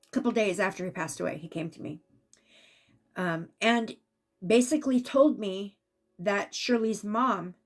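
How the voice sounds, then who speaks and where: An intuitive reader with a medium-pitched voice gives a casual spiritual reading. She's chatty and gets animated when acting out what the spirits say.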